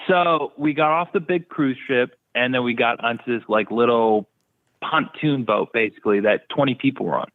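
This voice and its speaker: Heard over a thin, phone-like line, a male interview guest tells stories in a casual, blunt manner with crude humor. His voice is medium-pitched and moderately paced.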